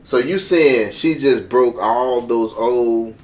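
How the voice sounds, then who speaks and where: A man's voice: medium pitch, takes it slowly, low-quality recording. A man hosting a casual group podcast debate, blunt and profane, steering the questions.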